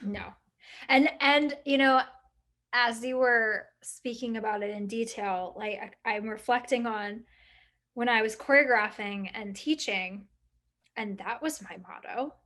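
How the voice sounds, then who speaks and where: A middle-aged woman with a fairly high voice co-hosts a casual talk. She thinks out loud in long, winding sentences, full of "like" and "you know", and breaks into animated quoted remarks. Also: a little slow. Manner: rambling and reflective, many fillers, lively quoted asides. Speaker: podcast co-host. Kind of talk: casual chat.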